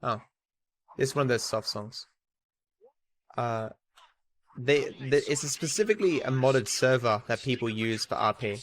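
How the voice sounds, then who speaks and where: A man's voice: mid-range voice, unhurried, pauses often, a bit bright. Rambling Australian man streaming a game. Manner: rambling, frequent restarts, candid. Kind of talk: casual chat while gaming. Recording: game music playing behind.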